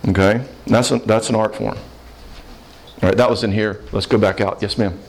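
A man counseling a live audience in a Q&A, plainspoken and animated, acting out short quoted voices. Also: fairly low pitch, moderate pace. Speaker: counselor answering audience questions.

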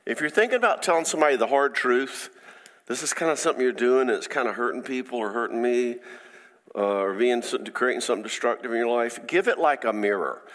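A man of ordinary pitch gives an informal faith-based teaching talk as a counselor. He speaks conversationally and haltingly, often restarting his sentences. His voice rings with a long hall reverb. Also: lively intonation, a bit bright.

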